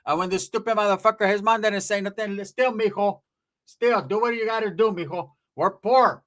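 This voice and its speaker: Brash, foul-mouthed mother, put on by a man; pitched up a bit. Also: normal speed, a bit bright. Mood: defiant. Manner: brash, profane. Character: brash poor mother egging on her thieving son.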